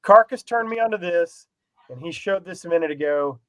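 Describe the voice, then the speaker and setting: A man's voice: sits high, expressive, normal speed, no room sound, rough recording. A man co-hosting a casual podcast chat, rambling and self-deprecating, laughing often. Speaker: podcast co-host.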